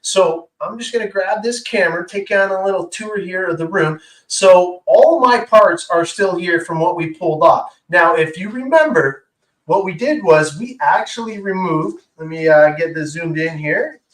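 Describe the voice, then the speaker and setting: A man's voice: high-pitched, moderate pace. A man co-hosting a casual show-and-tell, talking enthusiastically with lots of fillers while he demonstrates. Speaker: co-host. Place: indoor workshop room. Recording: roomy echo, far from mic.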